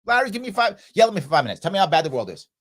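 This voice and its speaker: A man's voice: sits high, very animated, rapid-fire, a bit bright, voice pushed up, exaggerated voice. A man acting out a female friend on the phone who agrees or reassures in short phrases. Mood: agreeing.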